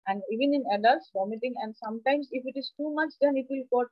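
A woman's voice: high voice, fast talker, dry recording, lo-fi sound. A woman teaching an anatomy class over a video call, explaining step by step and often checking with her students. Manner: explanatory, asks the class questions. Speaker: anatomy lecturer. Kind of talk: online class lecture. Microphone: computer mic on a video call.

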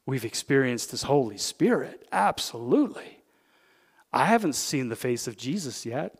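Canadian pastor preaching in a reverberant hall. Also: male voice, medium pitch, sing-song, normal speed, breathy edge. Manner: swings between loud emphatic peaks and hushed intimate asides. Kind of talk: sermon. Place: church sanctuary.

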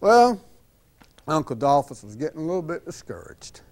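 A man's voice: a little high, normal speed. A man telling a folksy tall tale, laughing along and acting out sound effects. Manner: animated, laughs at his own story, acts out sound effects. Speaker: storyteller.

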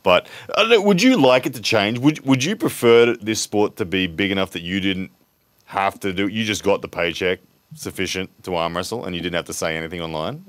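A man co-hosting a podcast, speaking haltingly and repeating words as he thinks aloud. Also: low voice, a bit bright, no room sound. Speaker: podcast co-host. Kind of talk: casual podcast chat.

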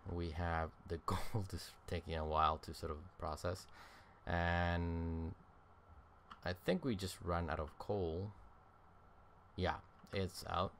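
Low-voiced man rambling through gameplay. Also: a bit bright, a little hiss or hum. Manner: rambling, thinking aloud with many fillers. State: tired, yawning. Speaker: game streamer. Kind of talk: casual let's-play commentary.

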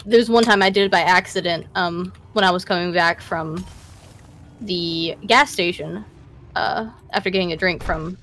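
A woman from the East Coast of the US, co-hosting a let's play and telling stories in relaxed, chatty talk. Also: on the low side, moderate pace, a little hiss or hum. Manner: chatty storyteller, reads quest text aloud in playful voices. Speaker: co-host. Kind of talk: casual let's-play chat.

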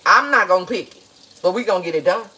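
A woman's voice: lowish voice, expressive, fast, bright, forceful tone, a little hiss or hum, poor audio. A woman, chatting playfully to viewers as she cooks in her home kitchen. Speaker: home cook hosting a recipe video. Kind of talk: casual cooking vlog chat to viewers.

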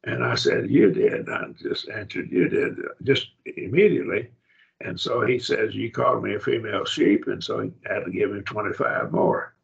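An older man teaching a Bible class in a folksy, unhurried way, with frequent fillers and restarts. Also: lowish voice, gravelly. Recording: dull lo-fi recording.

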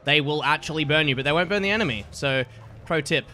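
A young man giving excitable, trash-talking commentary while playing a game, often laughing at his opponents. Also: a little high, quick pace, soft background music. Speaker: gaming YouTuber. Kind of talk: let's play commentary.

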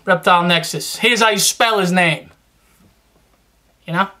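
Talking a little slowly in a high, sharp voice, a young New York man runs a reptile-keeping YouTube channel and gives shout-outs. The casual vlog chat rambles, full of slang, fillers and restarts.

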